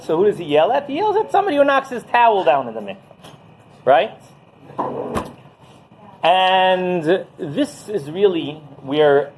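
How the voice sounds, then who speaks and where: A man teaching as a rabbi, telling a story in a lively way and often asking "right?" as he goes. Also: high-pitched, slight background noise, rough recording. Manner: animated, keeps asking "right?". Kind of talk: Torah class storytelling.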